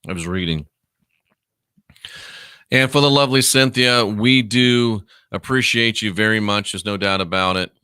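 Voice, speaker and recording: A man's voice: fairly low pitch, moderate pace, pauses often, pushed and bright, clear, resonant tone, dry recording, studio quality. A man who used to be a minister hosting a livestream, drawling sarcastically while he reads viewer comments aloud. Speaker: online show host, former minister. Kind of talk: livestream commentary reading chat.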